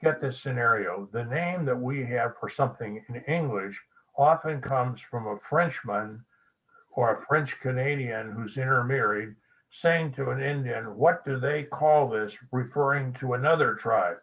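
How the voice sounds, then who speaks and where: An older man giving a casual, anecdotal history talk to a club, a folksy storyteller at an everyday mid pitch. He spells names out letter by letter. He is heard in a meeting room. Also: unhurried, fairly bright tone, poor audio. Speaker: guest speaker.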